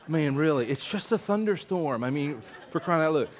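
A middle-aged man preaching a sermon, telling stories with big swings from loud to hushed. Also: on the high side, fast, hardly any pauses, background noise.

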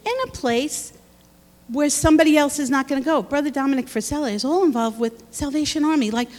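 Speaking briskly in a high voice, a woman offers an earnest, encouraging testimony to a church congregation. A long hall reverb colors the recording of her sermon testimony.

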